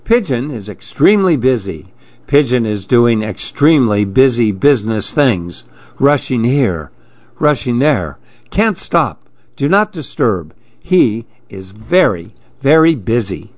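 A man reading a children's picture book aloud at an unhurried pace, calm and measured. His voice sits at an ordinary middle pitch. The recording is dry and slightly dull. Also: no room sound. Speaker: storyteller. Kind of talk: storybook read-aloud.

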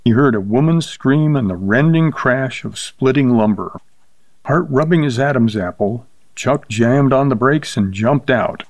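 Casting: male story narrator, mid-pitched, measured, dry close sound. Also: lively intonation, no echo.

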